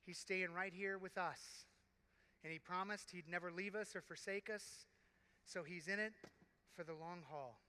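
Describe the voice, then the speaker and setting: A man preaching as a deacon at a youth conference, impassioned with dramatic pauses. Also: high voice, sharp tone, clear, resonant tone. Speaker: deacon and keynote speaker. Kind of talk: sermon. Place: large conference arena. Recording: big hall reverb.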